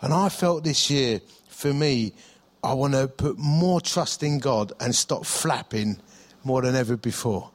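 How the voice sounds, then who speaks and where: A man's voice: medium pitch, measured pace. A middle-aged male pastor, preaching in a chatty storytelling way, with self-deprecating humour and frequent restarts. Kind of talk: sermon.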